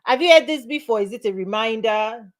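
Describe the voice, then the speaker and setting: A woman's voice: a little high, animated, a little fast. A middle-aged woman, a business and mindset coach, giving a motivational talk to camera in an emphatic manner, repeating phrases for emphasis.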